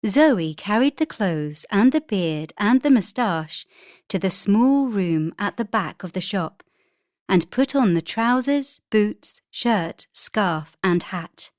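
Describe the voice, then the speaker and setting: A woman reading a children's storybook aloud in a clear, expressive way. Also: mid-range voice, slow, no echo, studio quality. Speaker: story reader.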